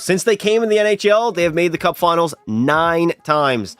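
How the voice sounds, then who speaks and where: A man's voice: fairly high pitch, brisk, fairly bright tone, clear, resonant tone, no echo, faint music behind. A young man live-streaming a hockey video game, chatting and teasing his viewers as he plays. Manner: chatty, teasing, banters with chat.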